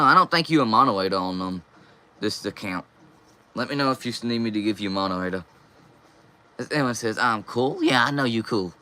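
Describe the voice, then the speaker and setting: A man's voice: fairly low pitch, sharp tone. A young man hosting a casual live stream, reading viewer comments aloud and answering them.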